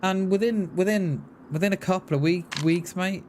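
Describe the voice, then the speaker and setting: A man's voice: sits high, moderate pace, a little mellow, a little hiss or hum. A man, ranting casually and bluntly while streaming a game. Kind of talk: casual chat while gaming.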